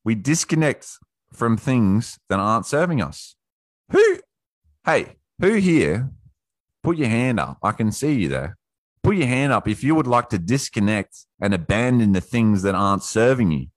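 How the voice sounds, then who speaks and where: A man leads a casual online workshop, swearing freely and slipping into squeaky put-on voices to act out what people say. His own voice sits fairly low and sounds close and dry, with no room around it. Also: very animated, normal speed, no room sound. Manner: profane, acts out quotes in high voices. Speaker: workshop host. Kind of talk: casual motivational talk.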